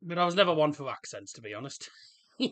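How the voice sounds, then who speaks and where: A man hosting a casual live football watchalong, chatting in a rambling, jokey way and reacting loudly to the game. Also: on the high side, expressive, fast talker. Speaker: livestream host. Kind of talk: casual match watchalong chat.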